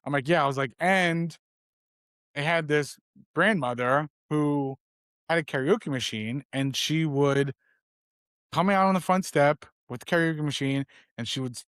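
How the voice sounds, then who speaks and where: Young male podcast co-host, slightly high voice, dry close sound, rambling storyteller acting out dialogue. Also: a bit bright, no room sound. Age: 20s. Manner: rambling anecdote, acts out the other man's lines. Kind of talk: casual storytelling chat.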